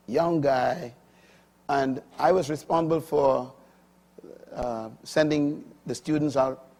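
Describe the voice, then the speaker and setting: An older man preaching a sermon, swinging between loud, high emphatic bursts and low, quiet asides.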